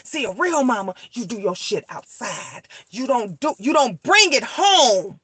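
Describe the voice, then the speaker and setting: A woman in her thirties telling a family story as a profane, animated rant, repeating lines for emphasis. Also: mid-range voice, normal speed, breathy edge, dry recording.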